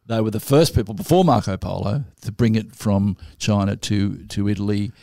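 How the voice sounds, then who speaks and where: A man co-hosting a podcast, rambling playfully and cracking quick jokes in casual chat. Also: fairly low pitch, vocal fry, mellow. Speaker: podcast co-host.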